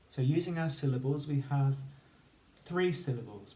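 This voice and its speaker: A man teaching children phonics, slowly sounding out letters and syllables one at a time in a clear, patient way. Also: mid-range voice, dark tone. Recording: echoey room with faint ambience.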